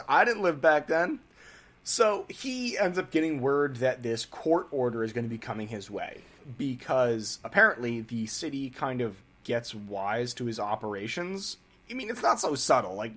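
A man's voice: medium pitch, animated, normal speed, fairly bright tone. Young male host, casual irreverent storyteller, lots of swearing. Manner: irreverent, profane, joking. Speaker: podcast host.

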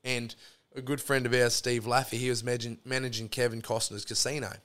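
A middle-aged man with a broad Australian accent telling a long, loose yarn as a podcast guest. He swears freely and keeps circling back with restarts and asides, in a voice of ordinary middle pitch. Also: flat delivery, a little fast, a bit bright. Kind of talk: casual storytelling yarn.

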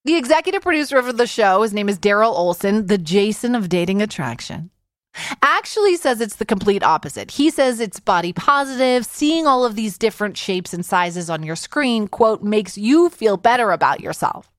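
A middle-aged woman hosting a podcast, animated and sarcastic in a comedic monologue. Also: mid-range voice, normal speed, no echo, clean studio sound. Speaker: podcast host.

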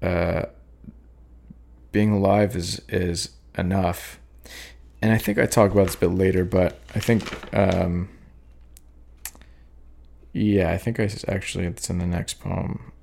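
A young man with a daughter, hosting a podcast and talking over his own poems in a halting, reflective way, with many fillers and restarts. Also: deep voice, flat delivery, vocal fry, a little mellow, a little hiss or hum. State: sleepy, yawning. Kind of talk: rambling reflective talk.

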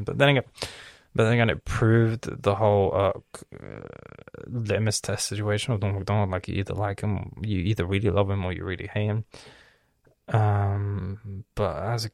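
A young man talking in a casual, rambling monologue, cursing often and filling pauses with ums and restarts. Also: lowish voice, fairly even intonation, gravelly, no room sound, studio quality. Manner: profane, rambling, with many fillers and restarts. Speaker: vlogger.

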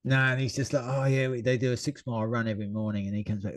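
A man's voice: mid-range voice, quick pace, few pauses, dry recording. A man chatting casually as a podcast co-host, telling stories with laughs and acted-out quotes. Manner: animated storyteller, acts out quotes with shouts and laughs. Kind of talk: casual chat.

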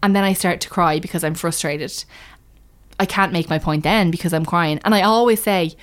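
Casual podcast co-host, woman, lowish and animated, storyteller. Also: moderate pace. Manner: animated, storytelling, restarts often. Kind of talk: candid casual chat.

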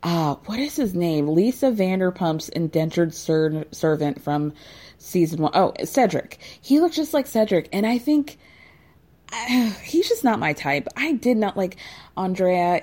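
A woman host chatting casually and wryly, with big leaps in pitch when she makes a point. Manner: chatty, wry, animated with big pitch jumps. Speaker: podcast host recapping reality TV. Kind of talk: casual chat.

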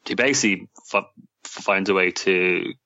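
Deep bright-toned man, lo-fi sound. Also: normal speed, dry recording. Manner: short agreeing interjections and hesitant recaps. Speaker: co-host. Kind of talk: casual chat. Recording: dull lo-fi mic.

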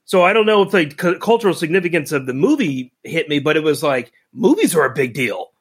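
Middle-aged male co-host, emotional and animated storyteller, voice a bit high. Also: brisk, husky. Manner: animated, emotional, acts out quotes. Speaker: podcast co-host. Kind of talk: casual storytelling chat.

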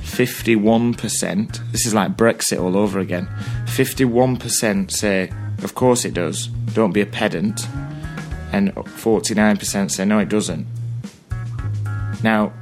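A man's voice: on the low side, steady tone, moderate pace, faint music behind. A man from England co-hosting a podcast, chatting casually and joking, laughing often. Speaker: podcast co-host. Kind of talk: casual chat.

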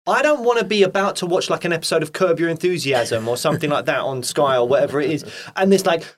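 A man chatting casually as a guest actor, telling animated stories with lots of fillers and "mate". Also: on the high side, fast talker. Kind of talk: casual chat.

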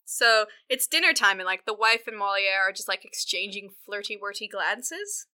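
A woman's voice: medium pitch, expressive, normal speed, bright, forceful tone. A woman co-hosting a podcast, casually recapping a movie in a chatty, filler-heavy way and swearing freely. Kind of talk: casual film recap chat.

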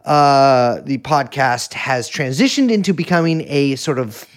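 A man's voice: medium pitch, a little slow. A man hosting a podcast, chatting casually in a jokey, teasing way. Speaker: podcast host. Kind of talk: casual chat.

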